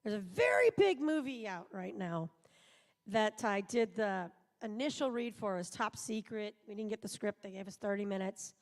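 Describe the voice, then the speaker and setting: A middle-aged woman from the United States talks on a live convention stage. She is a voice actor, and she rambles in a chatty, self-deprecating way, with plenty of asides. Her voice sits at an ordinary woman's pitch. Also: expressive, moderate pace. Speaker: voice actor, panel guest. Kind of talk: live convention panel chat. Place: convention auditorium.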